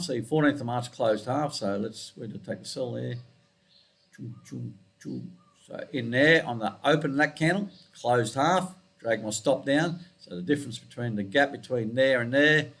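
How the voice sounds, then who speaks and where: A man's voice: lowish voice, fairly bright tone. A man walking through trading charts in a casual screencast, rambling and correcting himself, with muttered asides. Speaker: forex trading analyst.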